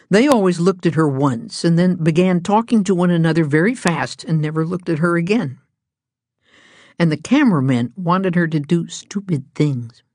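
Woman narrating a children's storybook, low voice, gentle and even, dry close recording. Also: dry recording. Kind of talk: storybook reading aloud.

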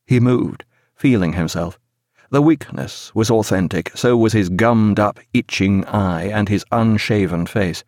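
A man reading a sea novel aloud in measured, even scripted narration. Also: lowish voice, no room sound, clean studio sound. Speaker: audiobook narrator.

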